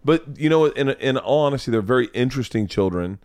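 A middle-aged man hosting a podcast, telling stories in a profane, animated way and acting out voices. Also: medium pitch, fast talker, no echo, clean studio sound. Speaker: comedian podcast host. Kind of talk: casual chat.

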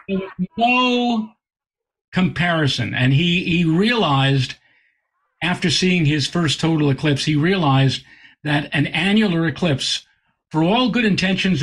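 A male astronomer tells a story as a guest in an interview. His voice sits a little high and has a husky edge. He talks with lively energy and tends to stumble over repeated words when he gets going. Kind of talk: animated anecdote in conversation.

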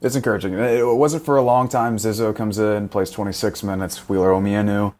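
A young man with a slightly low voice co-hosts a casual football podcast. He recaps the action in a wry, joking way. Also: steady tone, fairly quick, a little mellow. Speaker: podcast co-host. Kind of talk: casual sports chat.

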